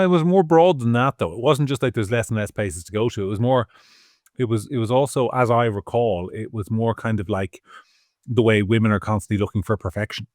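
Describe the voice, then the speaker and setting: A man's voice: lowish voice, a little mellow, no echo, studio quality. Hesitant Irish man on a podcast. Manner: hesitant, stammering restarts, defensive. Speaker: podcast co-host. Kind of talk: casual podcast chat.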